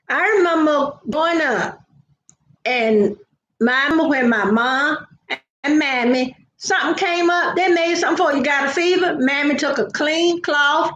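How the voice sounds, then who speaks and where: Older woman, live-stream host, slightly high voice, roomy echo. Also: lo-fi sound, a little hiss or hum. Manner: chatty, greets viewers by name, storytelling asides. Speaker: livestream host. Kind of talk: casual live chat with viewers.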